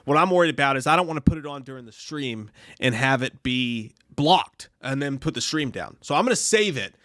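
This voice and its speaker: A man's voice: mid-range voice, expressive, brisk, fairly bright tone, no echo, studio quality. A man co-hosting a casual live stream, rambling and swearing as he reads viewer comments. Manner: profane, rambling, lots of restarts. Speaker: podcast co-host reading live chat.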